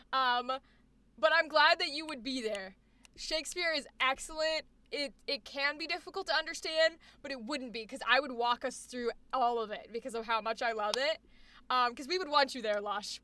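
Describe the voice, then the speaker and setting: A woman's voice: high voice, pushed and bright, no echo. A young adult woman streaming, chatting casually with her viewers and swearing freely. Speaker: livestreamer reading chat. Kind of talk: casual livestream chat.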